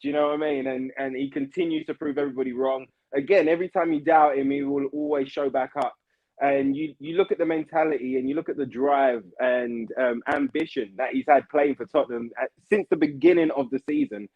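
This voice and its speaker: A man, a podcast guest chatting casually over a video call in a slangy, animated way. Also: medium pitch, brisk, no echo, narrow, tinny audio. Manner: slangy and animated, repeating words.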